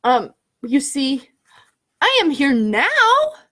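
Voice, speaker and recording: A woman voicing a kind, caring young pig who is an eager friend, gentle and earnest, while reading a children's picture book aloud. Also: sits high, huge pitch swings, very slow, heavily acted.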